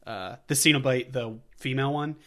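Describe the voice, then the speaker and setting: A man at a mid pitch hosts a casual movie podcast, walking through a plot recap in a loose, rambling way. He fills his talk with fillers and laughs often. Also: brisk, a bit bright. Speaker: podcast host.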